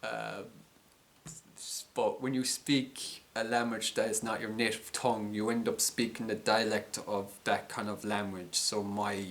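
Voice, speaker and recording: A low-voiced Irish man thinking out loud in a loose, unscripted monologue. He stalls on fillers and restarts words, drifting from point to point as he talks. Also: little pitch movement, moderate pace, hardly any pauses. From Ireland. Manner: rambling, hesitant, full of ums and restarts. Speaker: vlogger. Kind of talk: casual monologue.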